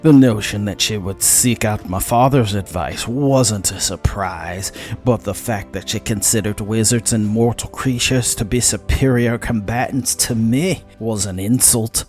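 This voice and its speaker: A man narrating a fantasy audiobook in a steady, measured storytelling manner. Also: lowish voice, soft background music.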